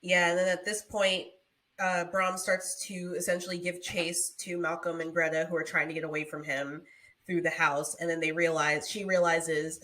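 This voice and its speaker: Female podcast co-host, conversational plot recap, playful. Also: sits low. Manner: animated retelling with playful quoted voices. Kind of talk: casual movie recap chat.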